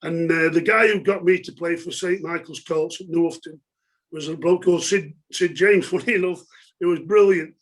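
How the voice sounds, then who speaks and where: Chatty high-voiced man. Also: steady tone, normal speed. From England. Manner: chatty, laughing, many fillers. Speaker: former footballer, guest. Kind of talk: casual storytelling interview.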